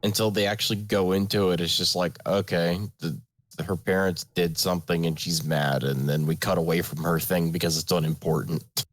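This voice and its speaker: A man's voice: low voice, steady tone, normal speed, dry recording. A man co-hosting an anime review chat, dry and understated, often hesitating mid-sentence. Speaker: podcast co-host.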